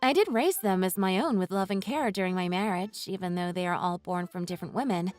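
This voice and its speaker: A woman voicing an ex-wife in a text-message story, calm, apologetic and firm. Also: mid-range voice, a little fast, faint music behind, lightly acted.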